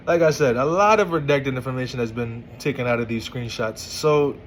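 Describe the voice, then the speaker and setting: Male commentator, casual and incredulous, restarts often, average pitch, faint ambience behind. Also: a little fast, slight background noise, rough recording. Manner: exasperated, stammering restarts, incredulous. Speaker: commentator reading text messages.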